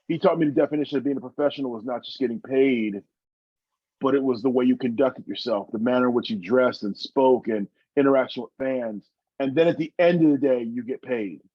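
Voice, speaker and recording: A man's voice: medium pitch, no echo, lo-fi sound. Earnest man recalling his career. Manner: earnest, emotional, many restarts. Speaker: guest, former wrestler. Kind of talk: reflective interview storytelling.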